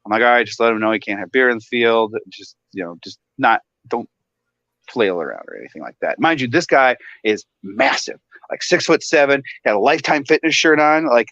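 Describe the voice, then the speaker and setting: A man on a casual talk show, animated and laughing often as he tells a story. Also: mid-range voice, no echo, dull audio. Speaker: guest.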